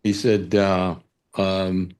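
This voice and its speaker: A man's voice: sits low, flat delivery, extremely slow, darkish tone, clear, resonant tone. An older man on a talk show panel, telling jokes casually with many fillers and restarts.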